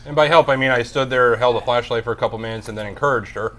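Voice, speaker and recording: A man's voice: medium pitch, rapid-fire, fairly bright tone. A man co-hosting a casual comedy chat, wry and self-deprecating. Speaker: co-host.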